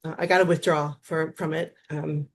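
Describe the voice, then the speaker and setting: Animated woman telling stories. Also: sits low, brisk, a little hiss or hum. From Wisconsin. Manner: animated storyteller, acts out quotes. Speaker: guest, therapist. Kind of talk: casual interview chat.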